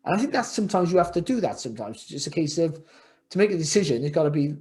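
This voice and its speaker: A middle-aged former world champion boxer, appearing as a guest on a podcast, tells his story reflectively, rambling, repeating words and restarting sentences often. His voice is on the high side and a little mellow, with big pitch swings and a racing pace.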